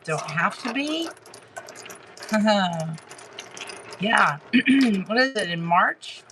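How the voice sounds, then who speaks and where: A woman giving a live tarot reading to her chat, talking haltingly with many fillers and restarts and greeting viewers by name. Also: medium pitch, noisy background. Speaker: tarot reader hosting a live stream.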